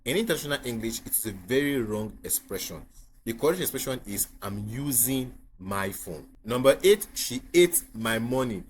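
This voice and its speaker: A man's voice: mid-range voice, expressive, normal speed, slight background noise. A man with a Nigerian accent, an IELTS tutor teaching to camera with emphatic repetition and frequent checks on the listener. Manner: emphatic, repeats key points, asks the viewer if they follow.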